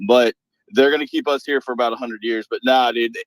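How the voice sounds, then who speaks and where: A mid-pitched man rambles through casual call chat, swearing freely as he explains his supervisor job. He talks from his workplace, and his voice comes through dry and close, with no room around it. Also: steady tone, no room sound, poor audio. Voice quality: profane, rambling, says he talks fast. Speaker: Air Force aircraft maintenance supervisor. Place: at work on an air base.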